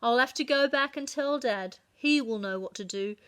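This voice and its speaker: A woman reads a children's chapter book aloud with lively, dramatic expression. Her voice sits high and sounds bright and clear, and she paces the story for young listeners. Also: moderate pace.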